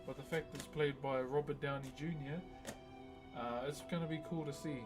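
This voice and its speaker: A man's voice: a little high, fairly even intonation, normal speed, over music. Laid-back New man streaming. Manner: laid-back, laughs a lot, slangy. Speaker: live streamer. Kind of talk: casual live-stream chat.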